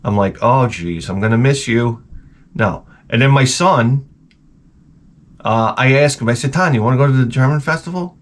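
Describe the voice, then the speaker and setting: A man telling a comedic rant in a lively, swearing storytelling manner, in a garage workshop. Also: mid-range voice, normal speed. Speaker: video host.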